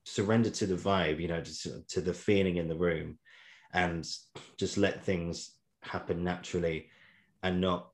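A man's voice: deep voice, steady tone, a little slow. A man interviewing a guest in a conversational way, rambling and encouraging, often laughing.

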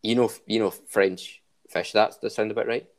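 A man's voice: fairly low pitch, fairly even intonation, moderate pace. A man hosting a casual podcast chat, running a quiz in an upbeat way. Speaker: podcast host.

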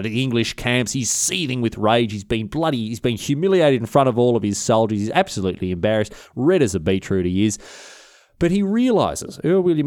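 Lively, irreverent storyteller man. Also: mid-range voice, no room sound, studio quality. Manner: irreverent, slangy, swearing casually. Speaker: podcast host, history storyteller. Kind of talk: comic history storytelling.

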